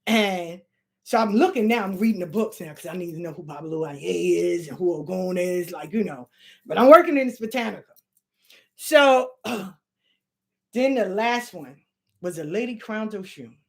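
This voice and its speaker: A middle-aged woman telling a long personal story in casual, profane, animated talk, slipping into the voices of the people she quotes. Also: on the low side, moderate pace. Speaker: spiritual channel host.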